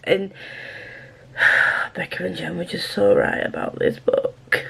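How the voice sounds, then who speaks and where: A woman in a casual reading vlog, with a slightly low voice. She gushes and gets emotional. She repeats herself and at times drops to a hushed whisper. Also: steady tone, takes it slowly, vocal fry, pauses often, breathy edge. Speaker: book vlogger.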